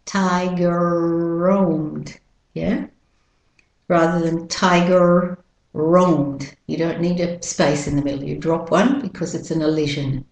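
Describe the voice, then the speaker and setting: A woman teaching pronunciation, saying model words and sentences slowly and deliberately, repeating each one. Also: deep voice, gravelly, darkish tone, echoey room, low-quality recording. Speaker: accent coach. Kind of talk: pronunciation lesson.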